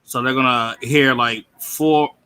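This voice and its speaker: A man chatting as a podcast guest, telling animated, profane stories with lots of banter. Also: medium pitch, measured pace, clear, resonant tone. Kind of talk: casual chat.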